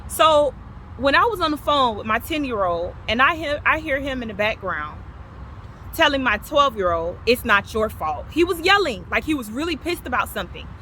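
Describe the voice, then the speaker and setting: Woman in her thirties, heated personal testimony, bright high-ish voice, faint traffic behind. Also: big pitch swings, normal speed. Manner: impassioned, repeats herself, swings from loud to low. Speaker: vlogger sharing her testimony.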